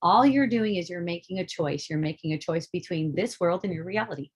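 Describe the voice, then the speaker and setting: A woman's voice: lowish voice, a little fast, husky. Middle-aged woman, spiritual teacher; loose, profane, laughing delivery. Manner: animated, swearing, laughs often. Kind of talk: casual spiritual talk.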